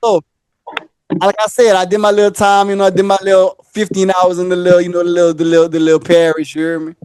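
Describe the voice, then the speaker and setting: Animated man telling stories. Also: high-pitched, fast talker, clean tone, no echo, faint music behind. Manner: animated, acts out quotes, laughs often. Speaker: podcast co-host. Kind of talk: casual storytelling.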